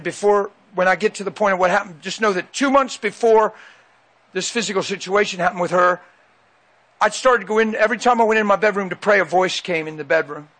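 A man's voice: sits high, a bit bright. A man preaching a sermon into a handheld mic, emphatic and repeating phrases for weight.

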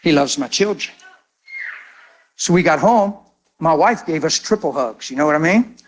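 A middle-aged man preaching his testimony as a lively story. His voice sits a little above the usual male range. He acts out the other people in the story and often sinks to a hushed tone. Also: on the high side, moderate pace.

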